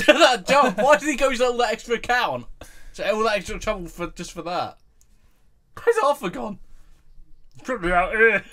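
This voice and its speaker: A man's voice: sits high, animated, normal speed, pauses often, pushed and bright. A young man giving a casual, laughing film commentary, swearing and cracking up constantly. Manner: giggly and profane, laughing constantly.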